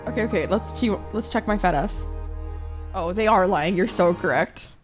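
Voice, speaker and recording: A woman's voice: medium pitch, normal speed, faint music behind. A woman streaming a game live, chatting casually with her viewers, swearing often and reacting to chat.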